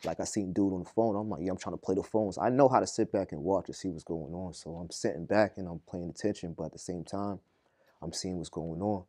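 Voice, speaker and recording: Fast-talking young man, street slang. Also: sits low, no echo, studio quality. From Boston. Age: young adult. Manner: animated, acts out prison dialogue, street slang. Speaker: podcast guest. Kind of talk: casual storytelling.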